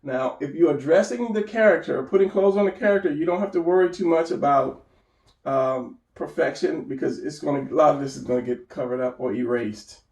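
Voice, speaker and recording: A man's voice: fairly high pitch, fairly quick, darkish tone, echoey room, recorded from a distance. A man giving an unscripted drawing lesson, rambling and correcting himself as he sketches. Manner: rambling, self-correcting, talks while drawing. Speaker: drawing instructor.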